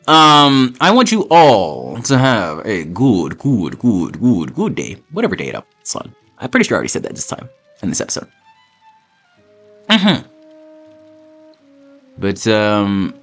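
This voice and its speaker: A man hosting a gaming channel, ranting in a profane and animated way, often repeating himself as he builds his point. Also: medium pitch. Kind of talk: ranting commentary over gameplay.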